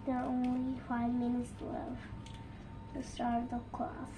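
A woman's voice: high voice, monotone, slow pace, over music. A woman narrating a pretend-school play session, switching between a teacher and her pupils. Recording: noisy home recording.

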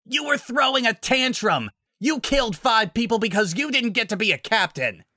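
A man voicing a brash, tough young heroine fighter who shouts fierce battle cries. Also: very high voice, huge pitch swings, slow pace, dry recording, studio quality, voice pushed up, heavily acted.

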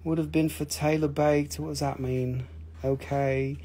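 An Appalachian man hosts a livestream mineral sale, chatting casually with viewers and joking and teasing as he shows off each piece. His voice is a little high and dark in tone, with little pitch movement and a measured pace.

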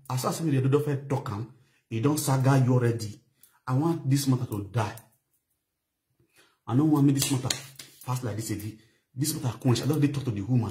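A young adult man from Nigeria with a Nigerian Pidgin English accent, talking straight to his viewers in a casual, animated live video monologue and repeating his points. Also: mid-range voice. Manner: animated, addresses viewers directly, repeats phrases. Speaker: online show host.

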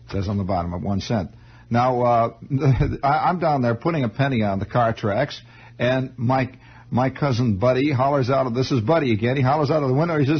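A man's voice: medium pitch, normal speed, slightly rough. A male radio host telling a digressive story in a monologue, stammering and restarting as he goes. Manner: digressive, animated, self-interrupting with stammered restarts. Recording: muffled 1960s radio broadcast.

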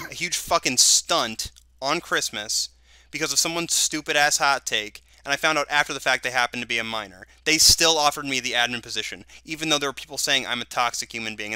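A man with a very sharp, crisp voice, a bit high, recorded dry and close. He talks angrily on a voice call, swearing hard. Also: no echo. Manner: angry, swears heavily. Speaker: call participant. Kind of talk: casual heated call chat. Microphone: voice chat call.

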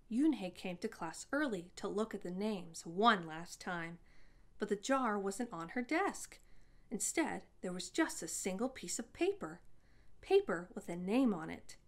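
A woman reading a children's story aloud as storyteller, with an expressive delivery. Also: mid-range voice, measured pace.

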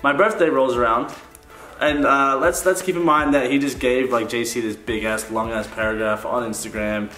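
A man's voice: mid-range voice, fairly even intonation, normal speed, pushed and bright. A man in his twenties chatting casually with friends as host, telling teasing complaints about a friend. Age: 20s. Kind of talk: casual chat. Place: indoors, a house. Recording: echoey room with faint music, mic at a distance.

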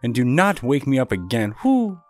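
A man voicing a grumpy male owl who answers quickly and hoots in a children's storybook reading. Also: mid-range voice, sing-song, a little mellow, soft background music, pitched above the performer's own voice, lightly acted. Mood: curt. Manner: curt, hooting.

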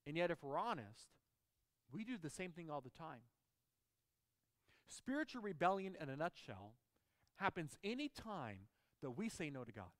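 A man's voice: on the high side, very animated, normal speed, long pauses. Emphatic pastor, man, echoing sanctuary. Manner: emphatic, asks the congregation questions. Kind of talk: sermon.

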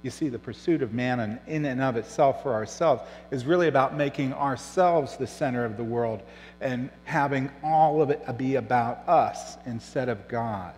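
A middle-aged man preaching a sermon as pastor, telling stories and dropping soft and low on serious points. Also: moderate pace, big-room sound, soft background music, poor audio. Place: church.

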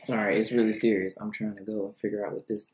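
A woman's voice: very deep voice, level tone, fast talker, darkish tone, reverberant. A woman reviewing cookies in a casual food vlog, chatty and rambling, thinking aloud between bites.

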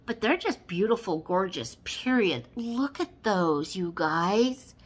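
A woman's voice: on the high side, lively intonation, slow pace, hardly any pauses, a bit bright. A woman vlogger chatting casually while unboxing, gushing and exclaiming over everything. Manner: gushing, effusive, exclaims often.

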